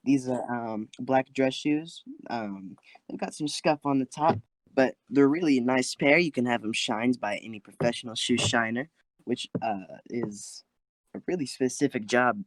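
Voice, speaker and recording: A man's voice: medium pitch, measured pace, dry recording. A man chatting casually with friends on a podcast, rambling with lots of fillers, talking from his closet. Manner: rambling, many "like" and "um" fillers, playful. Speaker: podcast co-host.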